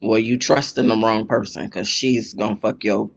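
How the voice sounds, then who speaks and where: A man chatting casually about gossip, speaking in a slow, deliberate, cautionary way. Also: lowish voice, fairly even intonation, vocal fry, dry recording, muffled recording.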